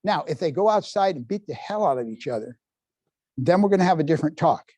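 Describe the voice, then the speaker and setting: A man's voice: a little high, lively intonation, fast talker, darkish tone, dry recording. A man in his seventies leading a live parenting workshop in a library room, quizzing the audience with folksy asides. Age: 70s. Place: public library meeting room.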